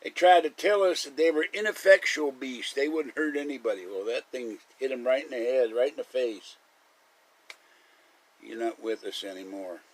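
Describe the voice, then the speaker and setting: A man's voice: medium pitch, brisk, hardly any pauses, rough recording. A man hosting a live stream, rambling through casual stories and chuckling often. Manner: chatty storyteller, chuckles often.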